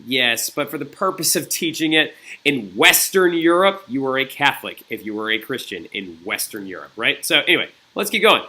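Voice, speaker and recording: A man's voice: medium pitch, expressive, normal speed, pushed and bright. A man teaching a recorded history lesson in a chatty, digressive way, often checking in with "right?" and "okay?". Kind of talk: recorded classroom lecture.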